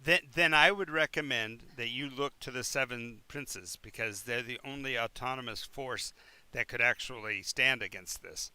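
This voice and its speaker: A man voicing an evasive, smooth-talking male town official who rambles with falsely cheerful fillers in a tabletop game. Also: medium pitch, normal speed, bright, forceful tone, no echo.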